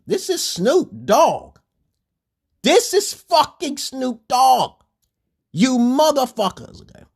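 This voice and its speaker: A man's voice: mid-range voice, slightly rough. A man ranting crudely on a livestream, rambling and jumping his voice way up when he gets heated. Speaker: livestream host. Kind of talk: profane livestream rant.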